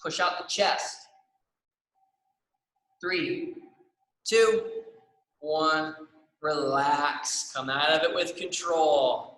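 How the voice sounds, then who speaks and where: Guy running a stretch class, slightly high voice, keeps asking all right?, roomy echo. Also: drawn-out words, long pauses, fairly bright tone. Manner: encouraging, counts down and checks in with "all right?". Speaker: exercise class instructor. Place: dance studio room, indoors. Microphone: camera in the room, turning away at times. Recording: echoey room.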